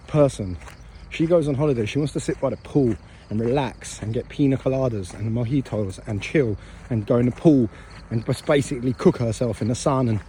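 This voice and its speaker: Chatty British man with a mellow voice. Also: medium pitch, a little hiss or hum. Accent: British English. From England, raised there from about age four. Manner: chatty, self-mocking, drifts between topics. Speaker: travel vlogger. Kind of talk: casual rambling vlog talk. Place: outdoors at night on an island path, walking. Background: crickets and insects.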